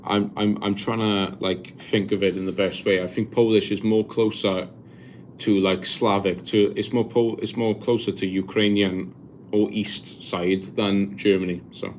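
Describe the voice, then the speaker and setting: A man streaming from abroad, casually reading chat messages and answering in a halting way with many restarts. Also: on the low side, level tone, a little hiss or hum. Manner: halting, many restarts while searching for words. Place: abroad in Poland.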